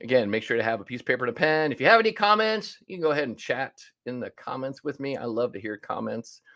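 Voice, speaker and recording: A man's voice: mid-range voice, expressive, fast talker, bright, forceful tone. A man coaching restaurant owners in an online workshop, with a mid-range voice. He talks in a punchy, conversational way and slips into little back-and-forth scenes acting out client calls.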